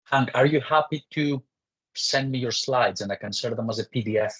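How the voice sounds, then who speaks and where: A man's voice: medium pitch, moderate pace, a bit bright, slightly rough, dull audio. A man moderating a session, politely reading out audience questions with many hesitations.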